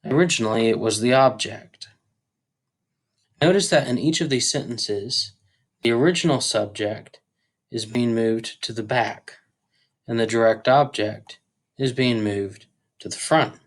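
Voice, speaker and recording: Guy teaching a grammar tutorial, slow and careful, little ums here and there. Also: medium pitch. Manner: slow, deliberate explaining with occasional fillers.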